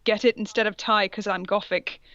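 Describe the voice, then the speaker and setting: A woman's voice: medium pitch, fairly even intonation, fairly quick, fairly bright tone, no echo, dull audio. A woman co-hosting a podcast, reading fan fiction aloud and stumbling over its odd words with comic disbelief. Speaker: podcast co-host.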